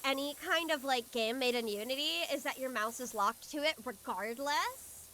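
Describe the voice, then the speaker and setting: A young woman streaming a game, chatting casually and excitably with a friend. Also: high voice, moderate pace, a little hiss or hum. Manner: bubbly, excitable, giggly. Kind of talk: casual gaming stream chat.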